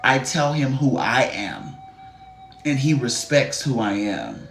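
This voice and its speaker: A man's voice: mid-range voice, wildly swooping pitch, slow, vocal fry, fairly bright tone, faint music behind. Blunt, sassy live-stream reader, man. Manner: addresses the viewer directly, greets live chatters. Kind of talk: live-stream reading, casual chat. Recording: roomy echo.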